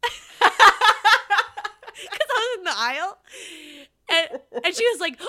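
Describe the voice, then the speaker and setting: Bright-voiced woman telling a story. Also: fairly high pitch, measured pace, pauses often. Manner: animated storyteller, acts out quoted voices, frequent "like". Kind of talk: casual podcast chat.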